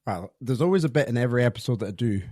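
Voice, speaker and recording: A man's voice: mid-range voice, expressive, racing, a little mellow, no echo, studio quality. A man in his thirties hosting a podcast interview, reflective and hesitant, often restarting his sentences. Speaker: podcast host. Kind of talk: interview conversation.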